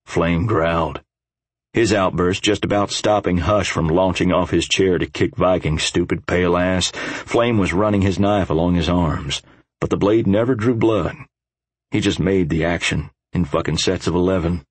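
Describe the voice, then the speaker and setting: A man's voice: deep voice, moderate pace, husky, dry recording. A man narrating an audiobook in a gritty, profane first-person voice.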